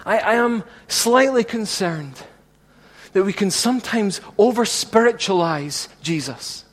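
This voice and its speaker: A man's voice: sits high, animated, unhurried, big-room sound. A man preaching a sermon as pastor, earnest and repetitive, asking the congregation rhetorical questions.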